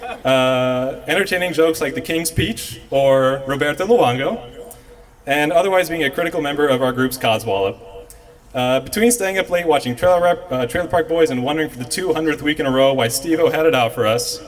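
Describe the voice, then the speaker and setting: A man's voice: on the high side, fairly quick. A man giving a humorous toast for friends, with wry, self-deprecating jokes. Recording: voice from a distant mic.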